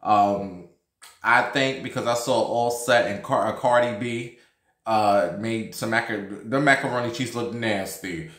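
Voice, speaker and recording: This man, a vlogger in his thirties, talks in a lowish, fairly bright voice at a slightly slow pace, and the room echoes. He's gossiping and telling a story casually, swearing freely and leaning on fillers.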